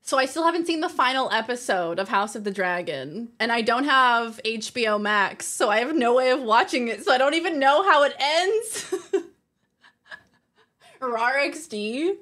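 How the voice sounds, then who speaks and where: A woman's voice: on the high side, animated, normal speed, pushed and bright. Chatty, laughing woman streamer. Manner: chatty, laughs often, reads chat aloud. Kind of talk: casual chat with viewers.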